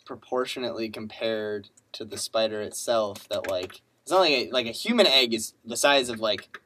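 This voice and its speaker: A person in a casual chat, talking in an animated way with many filler words. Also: medium pitch, normal speed, slight background noise.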